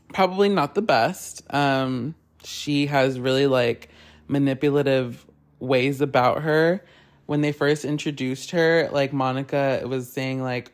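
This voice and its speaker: A man hosting a podcast, chatting casually and gossiping in a rambling, animated way, swearing often and filling his talk with "like.". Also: mid-range voice. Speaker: podcast host.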